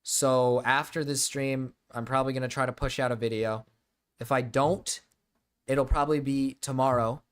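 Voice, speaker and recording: A man's voice: medium pitch, fairly even intonation, moderate pace, clear, resonant tone. A young man streaming, chatting casually to his viewers, rambling and swearing with frequent restarts.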